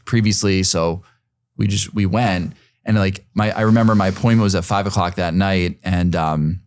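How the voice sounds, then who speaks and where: A man's voice: low voice, fairly even intonation, moderate pace, a little mellow. A man in his forties, a podcast guest, telling a personal story in a rambling, casual way, full of fillers and some swearing.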